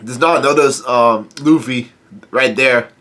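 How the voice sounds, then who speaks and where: A man's voice: medium pitch, takes it slowly, fairly bright tone. A man with a stuffy nose rambling through a casual read-through of a comic, laughing, with many fillers and restarts. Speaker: comic reader and commentator.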